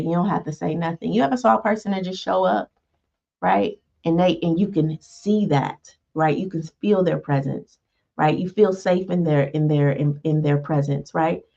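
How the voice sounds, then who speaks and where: Woman, low gravelly voice, casual teaching talk, keeps asking "right?"; dull lo-fi recording. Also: a little mellow. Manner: frequent "right?" check-ins, acts out quoted exchanges. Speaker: teacher of a self-help lesson series. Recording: dull lo-fi sound.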